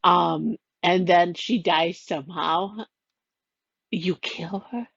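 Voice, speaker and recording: A woman's voice: on the low side, takes it slowly, gravelly, husky, no echo, lo-fi sound. A woman casually retelling a game's plot, rambling and giggly, full of "like" and little voices for the characters. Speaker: storyteller recounting a game plot.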